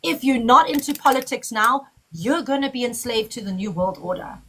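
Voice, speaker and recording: A woman's voice: fairly high pitch, expressive, moderate pace, a bit bright, a little hiss or hum, rough recording. A woman hosting a live chat, speaking bluntly and emotionally, with swearing.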